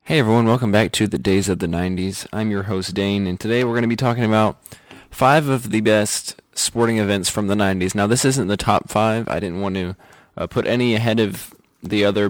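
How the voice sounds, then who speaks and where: Young male podcast host, deep voice, dry close sound, relaxed chatter. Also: no echo. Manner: laid-back, chatty, with fillers. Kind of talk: casual podcast chat.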